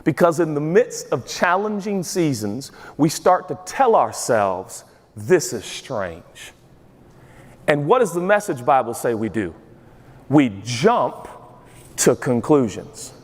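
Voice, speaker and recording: A male pastor preaching a sermon to a congregation, lively and quick to act out voices for comedic emphasis. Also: on the high side. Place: large church auditorium with a congregation. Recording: long reverb of a large church hall.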